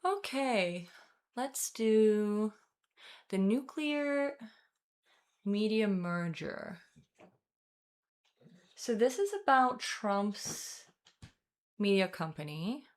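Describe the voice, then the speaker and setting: A woman's voice: mid-range voice, expressive, drawn-out words, long pauses. A woman hosting a casual livestream news commentary, chatty and jokey, talking to her chat.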